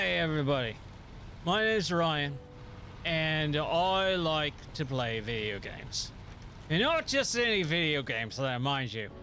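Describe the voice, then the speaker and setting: A man's voice: high voice, pushed and bright, pitched above the performer's own voice, heavily acted. A man voicing a boisterous, rum-loving male pirate with a hearty, exaggerated sing-song delivery.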